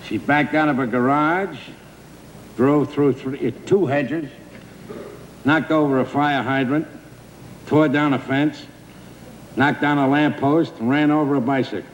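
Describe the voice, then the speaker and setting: Brief: brash comedy host, slow punchline delivery, long studio reverb, crowd laughter. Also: male voice, a little high, slight background noise. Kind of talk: comic monologue and sketch banter. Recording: old TV audio in a reverberant studio with audience.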